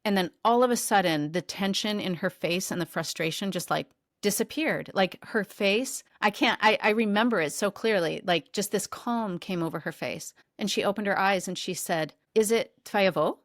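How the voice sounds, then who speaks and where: Animated woman telling a story, dry close sound. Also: mid-range voice, moderate pace, few pauses, no echo. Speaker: podcast co-host. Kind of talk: conversational storytelling.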